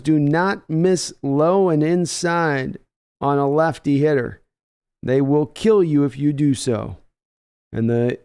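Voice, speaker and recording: Smooth-voiced man calling baseball live. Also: a little high. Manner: excitable home run calls, chatty while reading chat. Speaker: live stream host reacting to a baseball game. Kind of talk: casual live play-by-play and chat.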